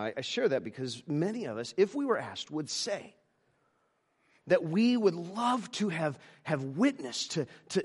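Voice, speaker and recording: A male pastor preaching a sermon, halting with many restarts, moving between emphatic lines and hushed ones. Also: a little high.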